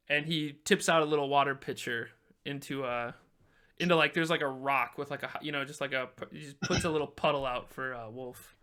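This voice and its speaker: Bright, crisp-voiced man game master. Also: on the high side. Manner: loose, filler-heavy narration with voiced townsfolk. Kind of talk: narrating a tabletop game.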